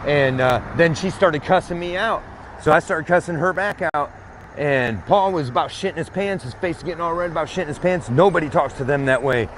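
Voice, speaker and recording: A man's voice: on the high side, fairly quick, fairly bright tone, a little hiss or hum. A man vlogging outdoors by a street, telling a long grievance story in a rambling, cursing way. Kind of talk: casual talk while walking outdoors. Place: outdoors by a street with passing vehicles.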